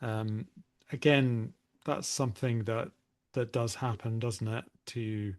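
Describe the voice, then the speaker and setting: A man's voice: mid-range voice, fairly even intonation, takes it slowly, a little mellow. A man co-hosting a casual English-learning podcast, conversational and hedging, often ending with tag questions. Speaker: podcast co-host, English teacher.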